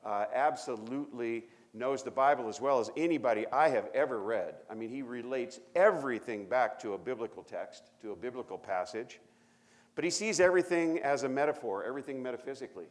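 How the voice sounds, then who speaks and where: A man pastor giving a sermon in a conversational, emphatic way, speeding up and slowing down as he makes his points. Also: medium pitch. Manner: conversational, emphatic, varies pace and volume freely. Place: church sanctuary.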